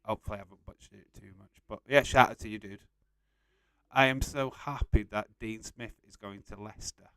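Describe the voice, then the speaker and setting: A man's voice: lowish voice, fairly even intonation, brisk, a bit bright, no room sound. A young man casually hosting a live stream, reading out and answering chat messages and laughing often.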